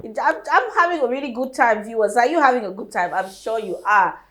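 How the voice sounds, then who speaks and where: A woman hosting an interview, effusive and quick to praise her guest. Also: fairly high pitch, expressive, a bit bright. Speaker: host. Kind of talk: casual interview.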